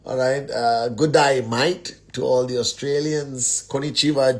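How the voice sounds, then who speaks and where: An upbeat man hosts a casual live stream from his home, talking into a phone. He sounds ordinary in pitch and reels off friendly greetings to a long list of viewers. Then he eases into a relaxed motivational chat. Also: moderate pace, vocal fry, hardly any pauses. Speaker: host of a network marketing live stream. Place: at home, indoors.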